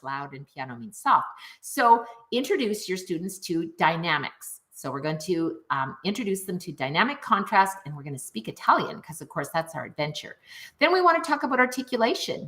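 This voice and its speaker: A middle-aged woman music teacher talking viewers through a lesson in an upbeat, chatty way. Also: on the low side. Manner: upbeat, animated, addresses viewers directly. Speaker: music teacher and program founder. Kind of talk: enthusiastic online teaching video.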